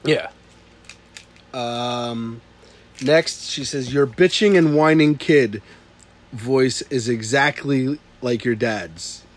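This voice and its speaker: A man's voice: mid-range voice, slow, pauses often. A man co-hosting a casual podcast, reading listener comments aloud and laughing often. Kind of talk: casual chat.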